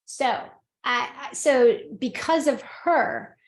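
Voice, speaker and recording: A woman hosting a podcast, telling a personal story in casual chat, animated and laughing often as she acts out what people said. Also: sits high, takes it slowly, gravelly, reverberant. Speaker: podcast host and medium.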